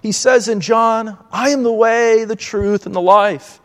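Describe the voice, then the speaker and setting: Guy giving a sermon, high voice, earnest and measured, long echo behind him. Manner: earnest, measured preaching with acted pleading quotes. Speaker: preacher.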